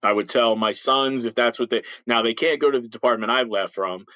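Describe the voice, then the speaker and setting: A retired policeman in his fifties speaks briskly in a mid-range, sharp voice, telling blunt, emphatic stories in an interview. He has a slight lisp and often restarts, repeating words as sentences begin. The recording is low quality, with no room sound.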